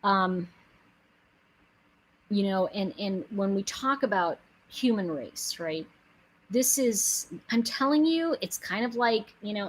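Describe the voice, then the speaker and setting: A middle-aged woman talks straight to her viewers about faith, her husky voice sitting at an ordinary pitch. She tells stories, acts out what others said, and climbs into emphatic, urgent pleas. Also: unhurried, poor audio. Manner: animated, storytelling, acts out quotes, rises to emphatic pleas. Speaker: spiritual speaker and host. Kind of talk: live inspirational talk to viewers.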